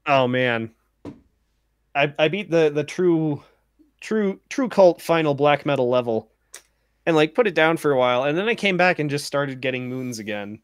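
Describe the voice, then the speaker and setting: A man's voice: on the high side, lively intonation, normal speed, smooth. A man co-hosting a gaming stream, telling stories in a laid-back way, laughing often and swearing casually. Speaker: stream co-host.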